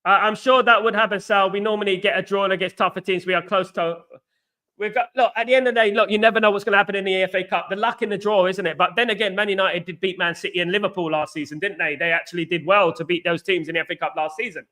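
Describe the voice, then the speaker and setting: A man with a London accent hosts a live football fan stream, reading out viewer comments and answering them. His voice sits high and sounds bright and forceful. He talks animatedly and drops casual slang as he goes. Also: fairly even intonation, quick pace. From England. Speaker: fan channel host.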